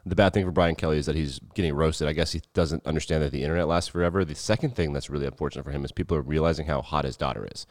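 A man's voice: a bass voice, racing, hardly any pauses, a little mellow, dry recording. A man from the Rocky Mountain region hosting a sports podcast in chatty, sarcastic, emphatic casual talk. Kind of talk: casual solo podcast chat.

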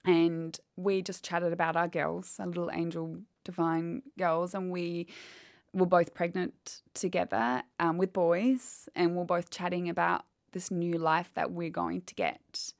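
A woman's voice: fairly low pitch, flat delivery, measured pace, gravelly, no echo, studio quality. A woman, telling a painful personal story candidly in an interview. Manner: candid, quotes others as she retells. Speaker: guest.

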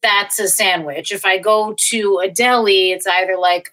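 A woman's voice: medium pitch, fairly even intonation, moderate pace, bright, forceful tone, rough recording. A woman, a podcast guest talking in blunt, firm banter.

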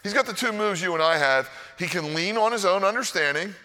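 A male pastor delivers a sermon in an animated, conversational way, often turning to the congregation for agreement. His voice is bright and a little high. The sound carries a long reverb, as if from a large hall. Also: fairly quick. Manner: animated, conversational, keeps asking "right?".

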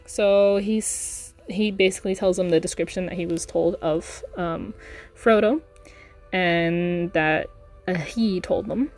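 A woman's voice: on the low side, slow, a little mellow, faint music behind. Chatty woman reading and commenting. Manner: chatty, laughs often, many ums and likes. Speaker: podcast host and reader. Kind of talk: reading aloud with casual commentary.

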